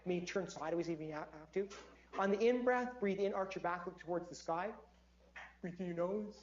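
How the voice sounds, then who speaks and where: A man lecturing a class and guiding them through stress-relief exercises in an energetic, coaching manner. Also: sits high, fairly quick. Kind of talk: interactive stress-relief lesson. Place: lecture hall. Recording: dull lo-fi audio with faint hum.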